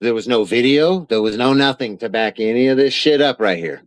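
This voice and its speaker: Here a man's expressive mid-range voice moves a little fast, in a dry, low-quality recording. Angry and indignant, he reads arrest paperwork aloud during a home-studio live stream, denying the claims against him and swearing often.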